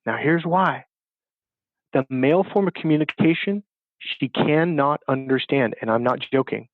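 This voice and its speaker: A man tells an emphatic story in an interview, slipping into other people's voices as he goes. His voice sits a bit high. The sound is dry and a little dull, as if heard over a remote link. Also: normal speed, no echo. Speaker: dating coach guest.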